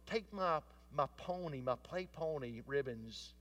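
A man's voice: on the high side, animated, measured pace, a bit bright. A man voicing a five-year-old girl who pleads to keep her pearls, heard from a distance. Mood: pleading.

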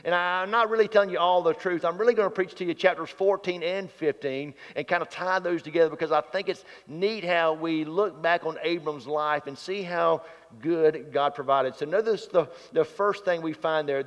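A man preaching a sermon in a church, reading scripture, praying and telling folksy stories with rising energy. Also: on the high side. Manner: folksy storytelling preacher, grows louder and livelier. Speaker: pastor. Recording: muffled sound with long hall reverb.

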